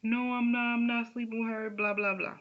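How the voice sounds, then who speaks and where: A woman's voice: a little high, little pitch movement, a little fast, lo-fi sound, pitched above the performer's own voice, natural voice. A woman quoting her husband as he pleads and denies cheating, defensive and evasive, trailing off into filler. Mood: pleading denial.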